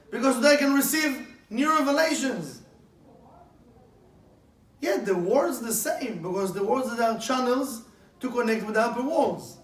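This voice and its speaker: A man teaching a Kabbalah class in eager, broken English, asking his listeners one question after another. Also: extremely high pitch. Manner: eager, asks many questions; broken, non-standard English grammar. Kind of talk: class lecture. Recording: echoey room, mic far off.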